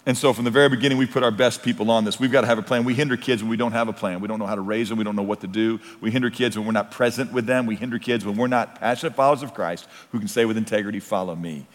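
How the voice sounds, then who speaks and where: A man's voice: lowish voice, fairly even intonation, rapid-fire, hardly any pauses. Male pastor, earnest sermon delivery, live hall sound. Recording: long hall reverb.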